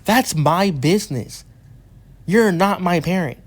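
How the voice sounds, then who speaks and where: A man's voice: high voice, measured pace. A man speaks straight to his viewers in an angry, aggrieved monologue. He stacks up rhetorical questions and says lines twice, stumbling over restarts when he gets worked up. Frequent swearing adds an edge to his frustration. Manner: restarts and repeats phrases while worked up. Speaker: YouTuber addressing his community. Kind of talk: heated monologue rant.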